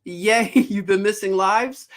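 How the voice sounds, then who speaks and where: A woman's voice: mid-range voice, slow pace. A woman with a Philadelphia accent hosting a casual livestream, greeting viewers by name and laughing often. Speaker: livestream host.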